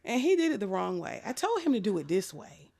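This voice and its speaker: Animated, gravelly woman telling wild stories. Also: medium pitch, a little fast, a little hiss or hum. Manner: animated, profane storytelling. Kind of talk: casual chat.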